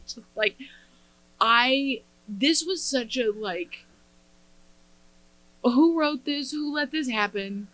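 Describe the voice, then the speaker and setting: A woman co-hosting a podcast in casual chat, sarcastic and expressive. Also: sits high, slow pace, pauses often, poor audio. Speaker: podcast co-host.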